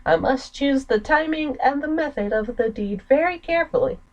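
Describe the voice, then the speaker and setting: A woman's voice: high voice, expressive, normal speed, dull audio, voice pushed up. A woman reading the part of a bitter, scheming young nobleman in a game, in her own voice with an American accent.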